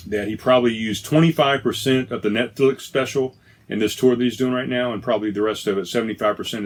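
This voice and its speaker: A man hosting a podcast on his own, chatting casually and enthusiastically, often restarting and correcting himself. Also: fairly low pitch. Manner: rambling, self-correcting, enthusiastic. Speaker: podcast host. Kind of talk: casual solo podcast chat.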